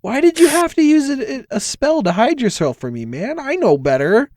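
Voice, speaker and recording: A man's voice: very high-pitched, big pitch swings, moderate pace, darkish tone, voice pushed up. A man voicing a crude, baffled male gladiator who swears in disbelief.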